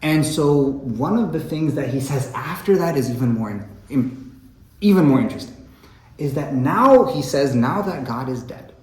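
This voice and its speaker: A man's voice: medium pitch, darkish tone, reverberant, low-quality recording. A man giving an impassioned lecture on poetry and faith, often asking his listeners "right?", and growing emotional. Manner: impassioned, tag questions "right?". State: emotional, clearing throat. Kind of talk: religious study lecture.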